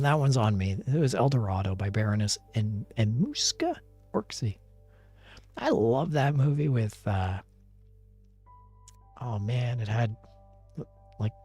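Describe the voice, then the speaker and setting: A man's voice: mid-range voice, slightly rough. A man chatting casually on a live stream, reading viewer messages aloud, laughing often and poking fun at his own mistakes. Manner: self-deprecating, rambling.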